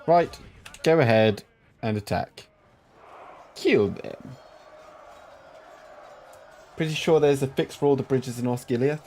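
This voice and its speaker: A man streaming a strategy game, chatting with viewers between sudden excited outbursts. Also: medium pitch, slow, pauses often, slight background noise. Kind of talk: live gameplay commentary.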